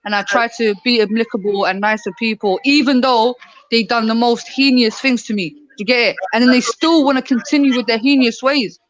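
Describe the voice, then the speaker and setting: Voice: medium pitch, steady tone, brisk, a bit bright, highs cut off. A guest on a livestream, defending himself in slangy casual talk. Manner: defensive, slangy, talks it over.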